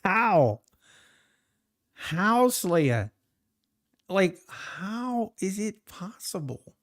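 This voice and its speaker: A man's voice: high voice, very animated, very slow, fairly bright tone. A man streaming his trading live, talking to the chart and chatting with viewers between laughs.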